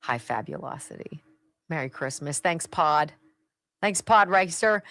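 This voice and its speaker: A woman's voice: lowish voice, animated, slow pace, long pauses, bright, forceful tone, no room sound. A woman hosting a talk radio show, giving sarcastic political commentary and chatting with her live audience. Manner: sarcastic and chatty, drops to asides.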